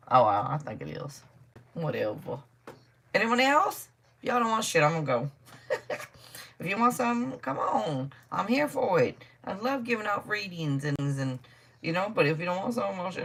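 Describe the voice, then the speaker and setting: A middle-aged woman chats her way through a live tarot reading, blunt and unfiltered with plenty of laughter. Her voice sits a little low, but her pitch swings widely as she talks. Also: sing-song, moderate pace, vocal fry, fairly bright tone, slightly rough. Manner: chatty, blunt, swears freely, laughs often. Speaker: tarot reader. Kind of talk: casual live-stream reading chat.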